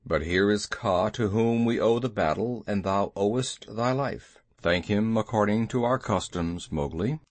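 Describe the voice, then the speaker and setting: A man's voice: on the low side, measured pace, hardly any pauses, dry recording, voice pushed down, close to an everyday voice. A man voicing a proud male panther who talks in a dry, stern way. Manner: gasping, then dry and stern. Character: proud male black panther, tired from a fight. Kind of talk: storybook character voice.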